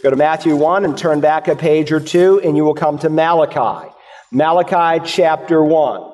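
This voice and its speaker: High-voiced male pastor preaching in a hall. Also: normal speed, darkish tone. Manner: expository, asks and answers rhetorical questions. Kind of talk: sermon.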